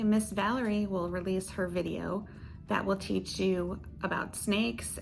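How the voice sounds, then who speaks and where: Slow, gravelly-edged woman reading to kids. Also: mid-range voice. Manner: playful and expressive, with sound effects and laughs; speaks slowly and coaxingly to young listeners. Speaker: children's librarian. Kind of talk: reading picture books aloud to children.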